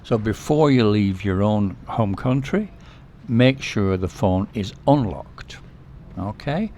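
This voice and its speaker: A man hosting a vlog, giving relaxed, casual advice to the camera, repeating himself and often checking in with "okay?". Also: fairly low pitch, slow pace, a little hiss or hum. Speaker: vlog host.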